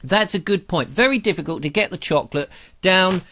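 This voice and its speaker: A man's voice: high-pitched, lively intonation, fairly quick, sharp tone. A middle-aged English man hosting a live online show, chatting casually and reading out viewer comments in a rambling, playful way.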